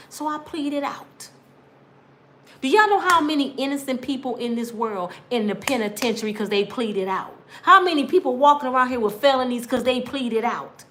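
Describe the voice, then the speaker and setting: A woman in her fifties speaks in a fairly bright, higher-pitched voice. Her story is her own, told with passion and preachy emphasis straight to the audience, and she acts out other people's statements as quotes.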